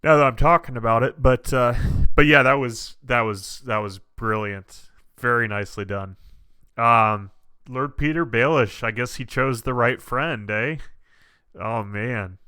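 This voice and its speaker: Slow, easygoing man reacting to a show. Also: mid-range voice, pushed and bright, smooth, no room sound. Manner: thinks aloud with many restarts, easygoing. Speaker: reaction video host. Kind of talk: casual reaction commentary.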